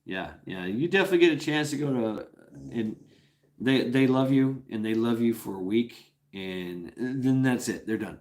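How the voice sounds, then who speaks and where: A man's voice: mid-range voice, animated, normal speed, darkish tone. A man hosting a casual livestream, telling a rambling, profane story with many restarts and chuckles. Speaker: livestream host.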